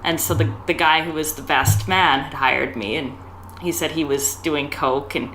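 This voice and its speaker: A woman's voice: low-pitched, steady tone, normal speed, fairly bright tone, slight background noise. A woman telling stories as a guest in a casual interview, speaking candidly, laughing often and acting out the dialogue. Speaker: guest, escort and tantra educator.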